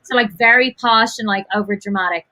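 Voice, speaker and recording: A young woman with a Dublin Irish accent, chatting as a guest on a video call, excitable and quick to laugh. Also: mid-range voice. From South Dublin, Ireland. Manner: excitable, gushing, laughs often. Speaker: guest, actress. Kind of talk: casual chat on a video call.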